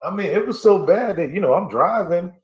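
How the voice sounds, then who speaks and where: A man's voice: high voice, lively intonation, fairly quick, a little hiss or hum. A man in casual livestream chat, telling a story in laid-back slang. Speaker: stream panelist. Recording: roomy echo.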